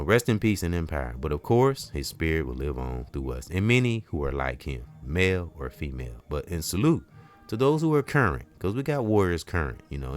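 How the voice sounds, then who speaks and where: Deep-voiced man preaching loose spiritual talk. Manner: preachy, loose and repetitive, many "you know"s. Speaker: host.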